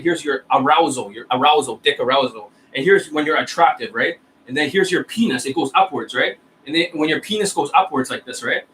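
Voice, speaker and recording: A man delivers a scornful, profane coaching rant in a bright, forceful voice that sits a little high. He keeps jabbing at his listeners with "right?" and "you see that?", and a faint hiss runs under the recording. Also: poor audio. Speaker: dating coach. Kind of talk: ranting coaching monologue.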